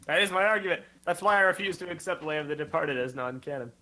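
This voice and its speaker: A man's voice: fairly high pitch, fast talker, pushed and bright. A man co-hosting a casual fan podcast over a call, arguing his points playfully. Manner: playfully argumentative. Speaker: podcast co-host. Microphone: own mic on a voice call.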